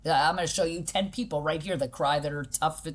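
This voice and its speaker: A woman's voice: low-pitched, brisk. Emphatic woman talking in an interview. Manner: emphatic, acts out quoted people; direct, pragmatic. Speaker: podcast guest, boxing gym owner. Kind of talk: conversational interview.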